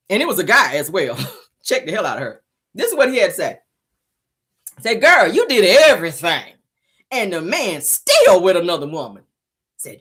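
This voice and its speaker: A woman's voice: sits low, a bit bright, husky. A woman hosting a celebrity gossip show from her car, talking casually, teasing and profane, laughing often.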